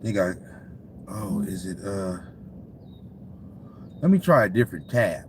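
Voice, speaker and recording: A man's voice: lowish voice, lively intonation, unhurried, pauses often, a bit bright, slight background noise. A man hosting a sports talk livestream, ranting casually with lots of profanity and frequent laughter as he talks to his chat.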